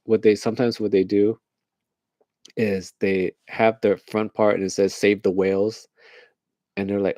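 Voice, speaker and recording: A man's voice: on the low side, flat delivery, unhurried, pauses often, warm tone, no room sound. A man hosting a late-night casual rant, rambling along, laughing at his own jokes and acting out little voices. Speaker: host.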